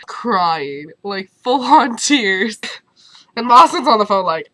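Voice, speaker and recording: Young woman vlogger, hoarse from losing her voice, bright and bubbly, dry close sound. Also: mid-range voice, slow, no room sound, rough recording. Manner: bubbly, animated storyteller. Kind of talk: casual storytelling vlog.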